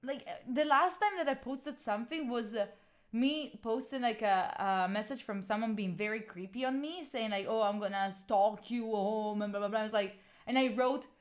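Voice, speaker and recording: A woman's voice: fairly high pitch, moderate pace. A young woman in her twenties from Italy, speaking English with an Italian accent, chatting frankly with viewers on a live stream and swearing freely. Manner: animated, frank, swears freely, reads and answers chat. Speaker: livestreamer.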